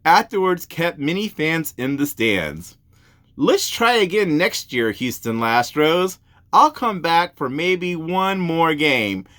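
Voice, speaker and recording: Man, host, fairly high voice, very lively pitch, giggly, rambling casual review reading. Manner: giggly, breaks into laughter while reading; rambling, wanders onto tangents.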